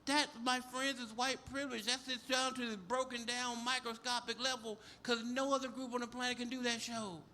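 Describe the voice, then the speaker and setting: A man's voice: extremely high pitch, little pitch movement, fairly quick, hardly any pauses, sharp tone, slight background noise. A man doing a stand-up comedy set on a club stage, brash, profane and full of stories. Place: comedy club stage before a live audience.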